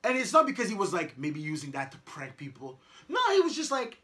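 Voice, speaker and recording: A man's voice: sits high, fairly quick. A man co-hosting a podcast, talking about his son in casual chat and laughing as he makes his points. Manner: expressive, laughs while making his point. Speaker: podcast co-host.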